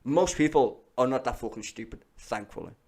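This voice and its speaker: A man's voice: mid-range voice, animated, normal speed, background noise. A young Scouse man ranting over clips in casual, profane, blunt commentary. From Liverpool, England. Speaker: streamer reacting to videos.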